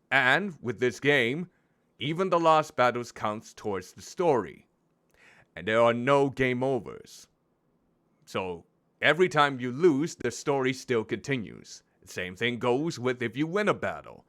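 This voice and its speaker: A man streaming a game, chatting in an expressive, self-deprecating way. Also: medium pitch. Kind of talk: gameplay commentary.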